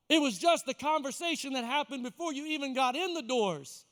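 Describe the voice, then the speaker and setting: A man's voice: very high-pitched, lively intonation, brisk, few pauses, fairly bright tone, in a large hall. A man preaching a sermon as pastor, emphatic and repeating key words for effect, in a church sanctuary.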